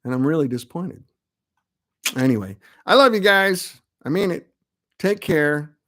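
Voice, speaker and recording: A little high and a bit bright, his voice has lively intonation and runs a little slow. He's a middle-aged amp builder hosting a live web show, where he chats casually and rambles with self-mocking asides.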